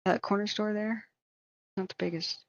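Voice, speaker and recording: Woman streamer, casual storyteller, rambles and mocks herself; middling pitch, slightly muffled audio. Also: steady tone, moderate pace, gravelly, dry recording. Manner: rambling, self-deprecating, many fillers. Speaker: live stream host.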